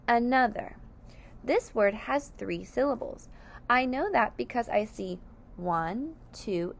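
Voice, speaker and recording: Slow, gravelly-voiced woman teaching phonics. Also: fairly high pitch. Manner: sounds out words syllable by syllable, over-enunciated. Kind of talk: slow, deliberate phonics lesson.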